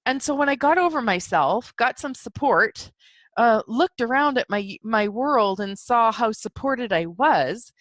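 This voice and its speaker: A woman hosting a solo self-help podcast who talks excitably and jumps up high in pitch when she quotes her own thoughts. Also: a little slow, dry recording. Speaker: podcast host.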